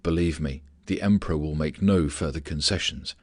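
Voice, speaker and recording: A man reading the lines of a confident, callous adult male field marshal in an audiobook, in a low, dry, even voice. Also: moderate pace, dry recording. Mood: dismissive.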